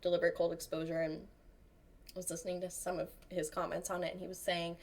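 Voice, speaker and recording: A woman chatting as an interview guest, animated, acting out the voices of people she quotes. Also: on the low side, quick pace. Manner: animated storyteller, acts out quotes. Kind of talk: casual interview chat.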